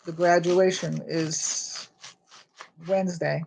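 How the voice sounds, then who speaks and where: A woman's voice: on the low side, steady tone, slow pace, creaky, darkish tone. An older woman talks casually to her live viewers while she cooks in her home kitchen. She rambles from topic to topic and greets people by name. A faint hiss of noise sits under her voice. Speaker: home vlogger. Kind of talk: casual live-stream chat while cooking.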